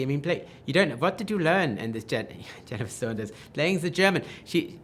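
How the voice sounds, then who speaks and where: A man, a film director, answering interview questions with enthusiastic, animated talk full of restarts and quoted asides. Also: on the high side, brisk.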